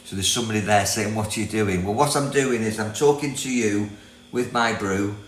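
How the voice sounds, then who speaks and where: A man's voice: lowish voice, normal speed. Older British man, chatty livestream. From Britain. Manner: chatty, rambling, reads comments aloud, laughs often. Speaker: livestream host, self-help coach. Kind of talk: casual livestream talk. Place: property in Thailand. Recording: echoey room with mains hum.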